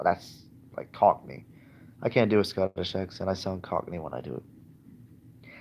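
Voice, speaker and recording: Deep-voiced man rambling hesitantly. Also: expressive, darkish tone, slight background noise. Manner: hesitant, halting, lots of fillers and restarts; self-deprecating, candid. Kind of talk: casual rambling livestream chat. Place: in bed at home.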